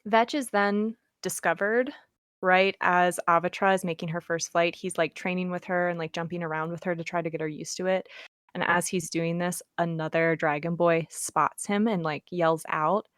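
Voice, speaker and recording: Young woman, low pitch, chatty, quick plot summary, acts out quotes, dry sound. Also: steady tone, a bit bright, smooth, dry recording. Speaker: podcast co-host. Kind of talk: casual book discussion.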